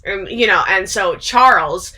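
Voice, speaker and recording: A woman's voice: medium pitch, expressive, a little slow, pushed and bright, husky. A young woman casually retelling a story to a friend, chatty and full of "like" and swearing, laughing often. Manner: frequent laughter. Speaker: video creator.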